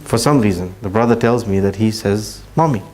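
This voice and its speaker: A man giving a religious talk, telling a story earnestly and slowing down for emphasis. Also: on the low side, darkish tone. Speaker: Islamic speaker.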